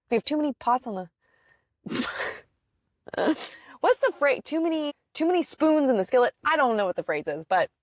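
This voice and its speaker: A woman's voice: fairly high pitch, no echo, clean studio sound. A woman hosting a solo podcast in casual chat, rambling and earnest, encouraging her listeners with many "like"s and sighs. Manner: chatty and rambling, with frequent "like" and sighs. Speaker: podcast host.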